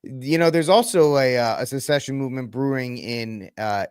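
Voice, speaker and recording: A male podcast co-host at a mid pitch for a man, recorded dry and close. He tells his stories with a wry, sarcastic edge in casual chat. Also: moderate pace, darkish tone, clean tone, no room sound.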